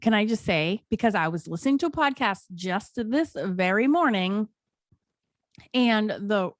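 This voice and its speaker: A young adult woman with an American accent, co-hosting a podcast, talking in an animated, self-mocking way. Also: mid-range voice, a little slow, no echo, studio quality. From United States. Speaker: podcast co-host. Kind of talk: casual chat.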